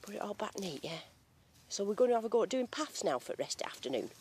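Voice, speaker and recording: With a medium-pitched, darkish voice that moves quickly and swings widely in pitch, this woman narrates a casual outdoor vlog. She's English, has a strong regional accent and jokes with lots of slang while metal detecting in a field.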